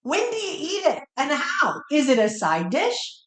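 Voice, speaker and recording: A woman's voice: high voice, very animated, a little slow, fairly bright tone, roomy sound. A woman co-hosting a home cooking show, chatting in a playful, jokey way. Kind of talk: casual cooking show chat. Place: home kitchen.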